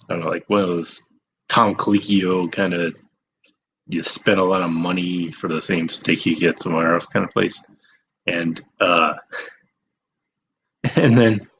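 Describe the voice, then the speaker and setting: Low-voiced man rambling through a story. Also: fairly bright tone, slight background noise, rough recording. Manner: rambling, self-deprecating, swears freely. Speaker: vlogger. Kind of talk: casual storytelling.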